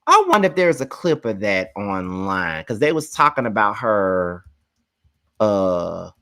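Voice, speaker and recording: A live review host from Mississippi with a Southern accent, talking bluntly with lots of swearing and drawn-out words. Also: deep voice, big pitch swings, sharp tone. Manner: blunt, profane, drawls words. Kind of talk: casual live commentary.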